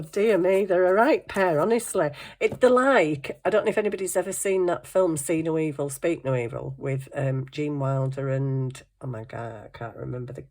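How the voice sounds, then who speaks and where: A woman's voice: sits low, a little mellow. A middle-aged woman, telling stories in casual chat and laughing often. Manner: chatty storytelling, laughing often. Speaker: craft vlogger.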